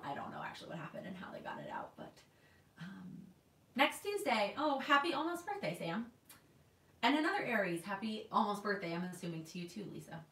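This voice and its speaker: Sitting far from the mic in a roomy-sounding space at her New York home, a Texan woman in her twenties livestreams as a planner vlogger, chatting and reading viewer comments aloud. Her mid-range voice sounds pushed and bright, and she restarts often.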